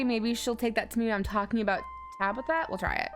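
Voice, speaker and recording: A woman in her forties streams a story game, thinking aloud in a casual, giggly way. Her voice sits a little high, and soft music plays behind her. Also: brisk, few pauses. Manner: chatty, giggly, thinks aloud with many ums. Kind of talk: live game playthrough, reading choices aloud.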